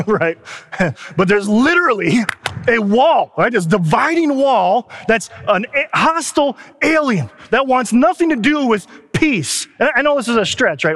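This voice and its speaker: A man's voice: sits high, normal speed. Man preaching in an echoing hall. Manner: animated storytelling with asides and laughs. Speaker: pastor. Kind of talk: sermon.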